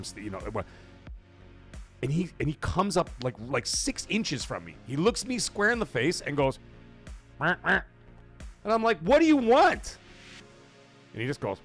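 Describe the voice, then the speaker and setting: Animated rambling male stream host. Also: mid-range voice, brisk, faint music behind. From Canada. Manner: rambling storyteller, swears freely, gets loud when excited. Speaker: livestream host. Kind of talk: casual live-stream chat.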